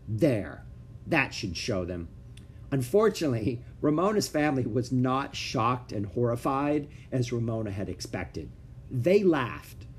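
A man reading a children's book aloud with expressive storytelling. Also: medium pitch, slightly rough. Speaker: narrator.

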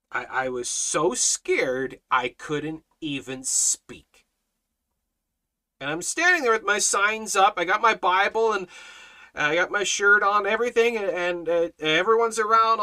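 An earnest man leading a Bible study, mixing scripture with personal testimony. His voice sits a little high and sounds bright and forceful, and he stammers into repeated words when emotion rises. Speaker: Bible teacher and street evangelist.

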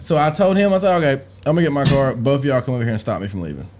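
A young man with a Southern US country accent, telling a story as a podcast guest in a casual, profane, animated way. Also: mid-range voice, very fast, noisy background. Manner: profane, animated storyteller who rises into shouting in quotes.

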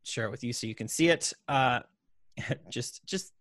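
A man's voice: medium pitch, a little slow, a bit bright, dry recording. A man co-hosting a podcast, chatting casually and laughing often as he reviews a product. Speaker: podcast co-host.

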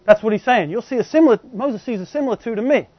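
A man with a high, bright-pitched voice delivers a sermon, talking to his congregation like a friend and peppering it with rhetorical questions. The recording is dry and somewhat dull, with little room sound. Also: lively intonation, fast talker, husky, dry recording. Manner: conversational, poses frequent rhetorical questions to the congregation. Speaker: preacher.

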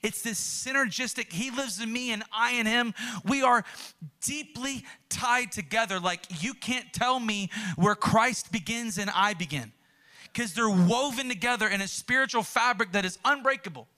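A male pastor preaching a sermon in a conversational, animated way. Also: very high-pitched, moderate pace.

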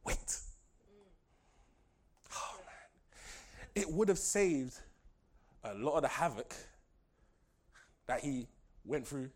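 A male pastor preaching a lively sermon, laughing often and swinging from shouted lines to soft asides. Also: mid-range voice, drawn-out words, pauses often.

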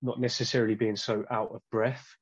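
A man being interviewed about his training, talking casually and hesitantly with many pauses and restarts. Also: medium pitch, little pitch movement, breathy edge, muffled recording. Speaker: guest.

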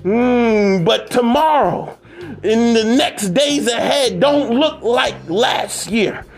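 A man preaching an emphatic, repetitive motivational sermon that rises at times to shouting. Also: very high voice, animated, takes it slowly, soft background music.

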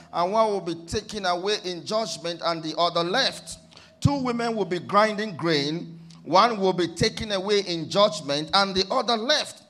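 A man preaching a sermon, swinging between quiet reflection and fervent shouts. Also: high voice.

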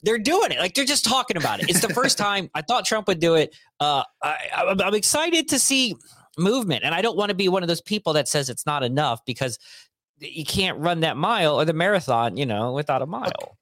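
A man's voice: a little high, big pitch swings, a bit bright, no echo. Dry-sounding man co-hosting a chat show. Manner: rambling, conversational, quick asides. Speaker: podcast co-host. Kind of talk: casual chat.

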